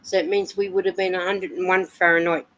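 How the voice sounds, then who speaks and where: Chatty Australian woman, low voice. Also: level tone, brisk, fairly bright tone, poor audio. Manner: chatty, reads comments and weather aloud with fillers. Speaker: live stream host. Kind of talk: casual live chat, reading out viewer comments.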